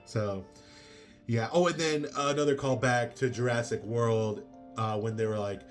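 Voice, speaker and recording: A man's voice: medium pitch, a little slow, faint music behind. A man giving a casual spoken movie review, rambling with many fillers and exasperated asides.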